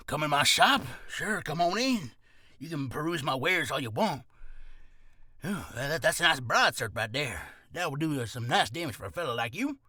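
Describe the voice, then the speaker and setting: A man voicing a gruff, curt male fantasy shop merchant who brusquely pitches his wares. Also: big pitch swings, moderate pace, sharp tone, no room sound, studio quality, heavily acted. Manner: gruff, brusque sales patter.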